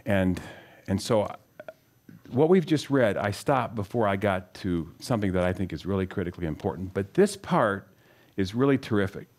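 A middle-aged man with a somewhat low voice gives a conversational Bible teaching. He tells stories from his own life and turns to his listeners with questions, earnest and direct. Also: lively intonation, moderate pace, darkish tone. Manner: asks the audience questions, storytelling, earnest. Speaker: speaker teaching scripture.

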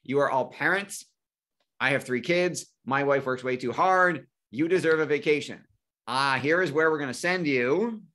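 A man in his forties hosts a live financial webinar, telling a personal story and acting out phone calls with family members. His voice is a little high and fairly bright, at normal speed.

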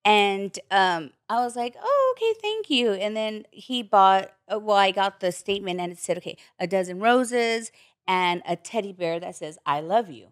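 A woman's voice: mid-range voice, normal speed, dry recording, clean studio sound. A woman guest on a podcast, telling a personal story candidly, acting out the voices she quotes and swearing freely.

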